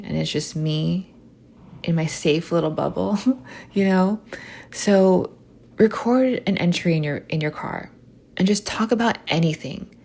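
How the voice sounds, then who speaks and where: A young woman hosting a podcast, talking softly and unfiltered in a chatty stream of consciousness, full of "like" fillers. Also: deep voice. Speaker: podcast host. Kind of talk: soft stream-of-consciousness monologue.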